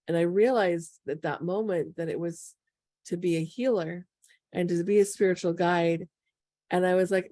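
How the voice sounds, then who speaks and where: A woman in her thirties talks casually to her viewers about healing. Her voice sits low and mellow. She brings the stories she tells to life by acting out quoted lines, and the recording is dry and close. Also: moderate pace, no room sound. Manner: chatty and animated, quoting others in lively voices. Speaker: spiritual healer and channel host.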